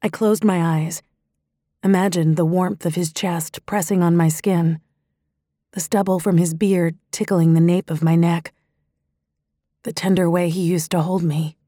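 Low, mellow woman reading an audiobook. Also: steady tone, unhurried, no echo, clean studio sound. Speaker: audiobook narrator. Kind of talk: first-person audiobook narration.

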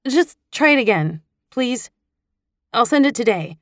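A woman narrating a first-person audiobook in an intimate, expressive reading style. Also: on the high side, unhurried, dry recording, clean studio sound.

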